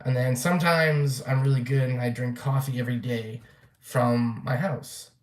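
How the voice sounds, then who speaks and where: A man's voice: mid-range voice, fairly even intonation, normal speed. Young man, casual vlog rant, blunt and profane, loose rambling delivery, roomy echo. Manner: rambling, blunt, swears freely, many fillers. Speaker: vlogger.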